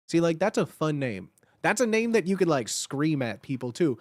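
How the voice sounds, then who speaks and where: A man's voice: a little high, very animated, normal speed, darkish tone, dry recording, clean studio sound. A man hosting a livestream and chatting casually with viewers, rambling and playful, packing his talk with "like" and restarts. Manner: playful and jokey. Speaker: livestream host.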